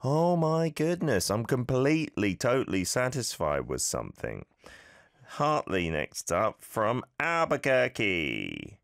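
A man's voice: medium pitch, huge pitch swings, slow, gravelly, a bit bright, no echo, clean studio sound. A male host coaching listeners' pronunciation in a radio-style language lesson, upbeat and encouraging with some playful nitpicking.

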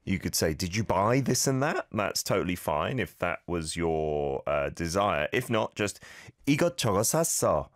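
A man with a lowish voice hosts a radio-style language lesson, his pitch rising and falling a lot as he models phrases. He corrects listeners patiently and encouragingly. The sound is dry and close, with no room echo. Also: expressive, measured pace, few pauses. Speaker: host and language teacher.

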